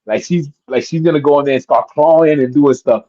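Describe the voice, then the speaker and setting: Animated man telling wrestling stories. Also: on the high side, fairly quick, dry recording, dull audio. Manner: animated, acts out voices in his stories. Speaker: guest wrestler. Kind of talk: casual storytelling interview.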